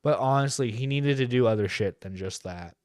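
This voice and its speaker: A man's voice: mid-range voice, brisk, dry recording. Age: adult. Sex: man. Role: internet radio host. Style: casual live-stream commentary, profane and rambling, dry close mic.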